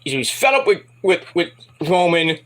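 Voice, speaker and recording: A man casually reviewing a wrestling event in a rambling, animated retelling with asides. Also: on the high side, moderate pace.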